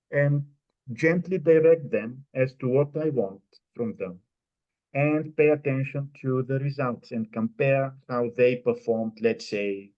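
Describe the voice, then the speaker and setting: A man presenting at a conference, answering an audience question in a measured, explanatory way with many pauses. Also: medium pitch. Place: conference room. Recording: dull lo-fi recording.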